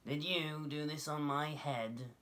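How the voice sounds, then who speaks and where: A squeaky, indignant little mole from a children's storybook, put on by a man reading aloud. He drags out each question slowly and plaintively, pitched far above a normal speaking voice. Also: fairly even intonation, a bit bright. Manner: high, slow, plaintive questioning. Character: short-sighted little male mole, indignant.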